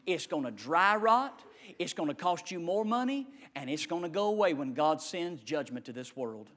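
A man preaching a sermon as pastor, swinging from shouted declarations to hushed asides. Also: on the high side, big pitch swings, normal speed.

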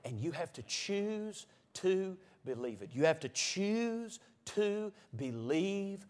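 A man delivers a sermon in a fairly high voice. He climbs to loud, high peaks and then sinks to low, intense murmurs. He calls out to the congregation and asks them to answer back. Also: big pitch swings, slow. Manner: call-and-response with the congregation. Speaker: preacher.

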